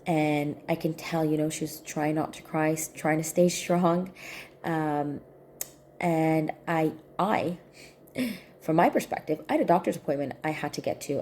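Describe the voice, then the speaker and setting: A woman's voice: sits low, normal speed, dark tone, a little hiss or hum. A woman sharing a personal reflection in casual talk, earnest and repeating her key points for emphasis. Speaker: spiritual healing coach.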